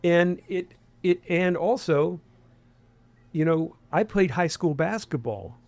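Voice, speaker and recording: An older man in his sixties with a faint Appalachian lilt, talking in a rambling way full of restarts and fillers. His voice sits a touch higher than usual. The recording is dry and close. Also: animated, slow pace, a little mellow, no echo. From Huntington, West Virginia. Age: 60s. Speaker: guest. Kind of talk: conversational interview.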